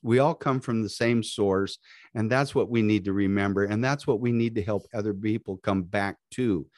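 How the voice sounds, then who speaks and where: Male podcast co-host, low dry voice, motivational and preachy. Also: normal speed, darkish tone, no room sound. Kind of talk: live podcast chat.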